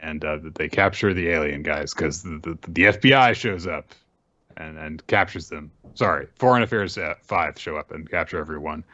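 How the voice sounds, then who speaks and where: A man's voice: extremely low pitch, normal speed, pushed and bright, dry recording. A man co-hosting a podcast, recapping a manga chapter casually with many fillers and restarts. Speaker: podcast co-host. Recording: dull dry lo-fi recording.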